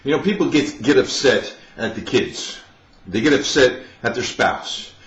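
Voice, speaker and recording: A man's voice: medium pitch, expressive, a little slow, a bit bright, reverberant, muffled recording. A man giving a fired-up motivational monologue as a life coach, emphatic and preaching.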